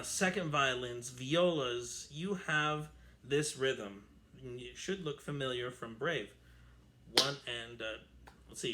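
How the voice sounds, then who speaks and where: Bright-voiced male music teacher. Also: medium pitch, a little hiss or hum. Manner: counts and sings rhythms aloud; chatty with fillers. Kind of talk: online string orchestra lesson. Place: at home. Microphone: camera mic.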